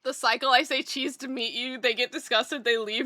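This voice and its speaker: A young adult woman livestreamer chatting casually with her viewers, bubbly and excitable, with jokey self-mocking asides and a voice that leaps up when she greets people. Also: sits high, normal speed, no echo. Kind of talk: casual chat with live viewers.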